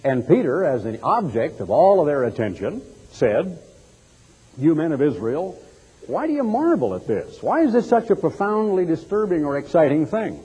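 A man's voice: on the high side, sing-song, moderate pace, mellow, slightly rough. A man preaching a sermon, retelling a scripture story dramatically and acting out the quoted voices. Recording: long hall reverb.

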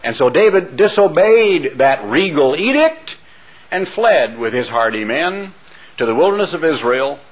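A man's voice: fairly high pitch, very animated, unhurried, lo-fi sound. A man preaching a sermon who tells Bible stories dramatically and stresses his points hard. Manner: dramatic storytelling, emphatic.

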